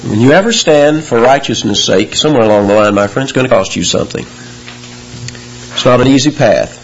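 A man preaching a sermon, explaining scripture verse by verse and rising in pitch and force on key words. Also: normal speed, dull audio, a little hiss or hum. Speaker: pastor.

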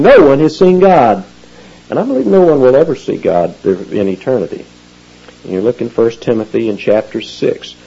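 A man preaching an expository sermon, explaining Bible words with animated emphasis and teacherly asides. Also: mid-range voice, slightly rough, highs cut off. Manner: animated teaching, rising emphasis on key phrases. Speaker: pastor.

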